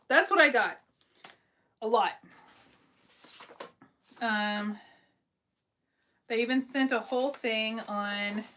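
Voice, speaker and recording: A woman's voice: on the high side, fairly bright tone. Chatty woman hosting a craft livestream. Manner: chatty, lots of fillers, reads viewer comments aloud. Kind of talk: casual live stream show-and-tell.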